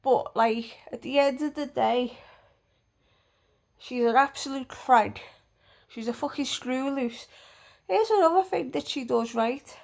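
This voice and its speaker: A woman's voice: high-pitched, measured pace, gravelly, pauses often, a little mellow. A woman telling a storytime vlog bluntly, with plenty of swearing. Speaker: vlogger.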